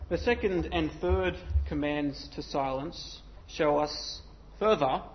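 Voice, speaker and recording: A man's voice: on the high side, slow. A man preaching a sermon in church, talking in a conversational way with self-deprecating asides. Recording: slightly dull sound with faint noise.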